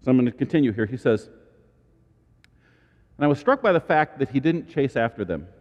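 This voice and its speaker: Animated male pastor preaching in a reverberant hall. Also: a little fast, muffled recording. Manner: animated, dramatic asides and sudden high exclamations. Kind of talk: sermon.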